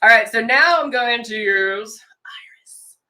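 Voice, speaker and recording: Her voice a little high and sharp, a makeup consultant talks unhurriedly during a live stream demonstration. She keeps up enthusiastic, casual chatter and reads viewer comments aloud while she works.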